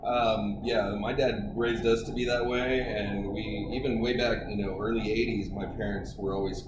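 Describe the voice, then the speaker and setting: A man's voice: on the low side, steady tone, moderate pace. A man in casual chat who keeps agreeing and adds his own stories. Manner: agreeable, chimes in with short replies. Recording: distant echoey mic with noise.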